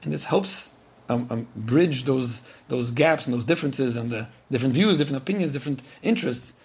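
This man speaks at a medium pitch, a little quickly, with a darkish tone. He answers a listener's letter with earnest advice, repeating words often and acting out what people might say.

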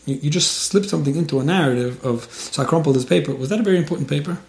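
Earnest guy giving advice, talks fast, trips over words, kinda echoey room. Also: fairly high pitch, gravelly, darkish tone. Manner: earnest, stammers and restarts words. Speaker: religious advice speaker. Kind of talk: casual advice talk. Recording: roomy echo.

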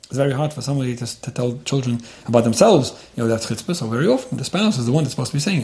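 A man's voice: mid-range voice, racing, darkish tone. A man giving earnest relationship advice in response to a letter, often repeating words and using Yiddish terms. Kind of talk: advice talk.

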